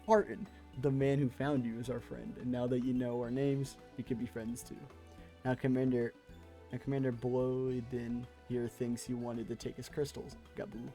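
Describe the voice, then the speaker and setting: Formal young scholar-hero, a man reads the part, measured, a bit soft, faint music under it. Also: mid-range voice, little pitch movement, natural voice. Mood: earnest. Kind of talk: reading game dialogue aloud.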